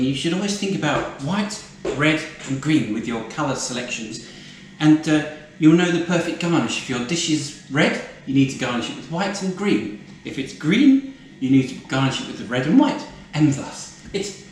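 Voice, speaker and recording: A man's voice: on the high side, sing-song, normal speed, slight background noise. A man playing a bossy, posh lady cook in a comic cooking show, teasing and camp, calling everyone darling. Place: home kitchen. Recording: echoey kitchen with loud frying sizzle.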